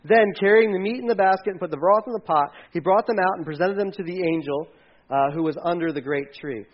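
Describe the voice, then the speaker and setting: A man preaching a sermon in a casual, animated way, acting out quotes and sometimes dropping his voice low. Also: quick pace, dull audio. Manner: conversational, animated, acts out quotes, drops to hushed tones. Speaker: pastor.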